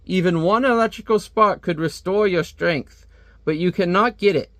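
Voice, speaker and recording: A man's voice: sits high, moderate pace, a bit bright, dry recording, clean studio sound. A man reading out a gloating male supervillain from a comic, in a theatrical, monologuing voice. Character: gloating male supervillain scientist, scheming father.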